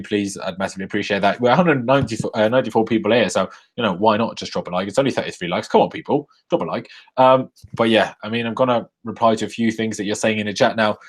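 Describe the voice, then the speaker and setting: A young man live-streaming a rant after a football match, angry and swearing, jumping from loud outbursts to low muttering into a desk microphone. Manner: angry, swearing, swings between shouting bursts and low muttering.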